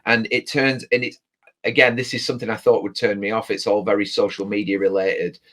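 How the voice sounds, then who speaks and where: A British man guesting on a casual movie chat, enthusiastic but halting, with many fillers. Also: fairly low pitch, level tone, a bit bright. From Britain. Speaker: podcast guest.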